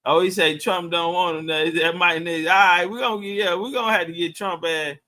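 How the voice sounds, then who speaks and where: A man's voice: high voice, steady tone, a little fast, bright, forceful tone. A middle-aged man chatting loosely on a livestream, profane and answering viewer comments. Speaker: livestream host. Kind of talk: casual livestream chat.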